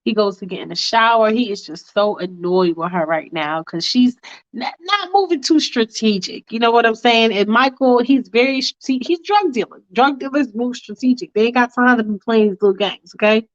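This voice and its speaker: A woman's voice: a little high, moderate pace. A woman casually telling a fanfiction story aloud, with slangy, chatty asides. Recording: dull lo-fi recording.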